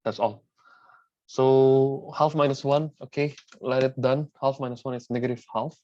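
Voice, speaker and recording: A man's voice: medium pitch, steady tone, normal speed, mellow. Man teaching math, dull lo-fi sound. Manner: repeats words and restarts, asks "right?" after steps. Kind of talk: tutorial lesson working through examples.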